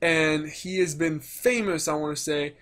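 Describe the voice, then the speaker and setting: A man rants through a commentary vlog, swearing freely and mimicking the people he criticizes. His speaking voice sits high for a man. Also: unhurried, fairly bright tone, slight background noise. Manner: ranting, profane, mocks others in put-on voices. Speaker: gaming commentator.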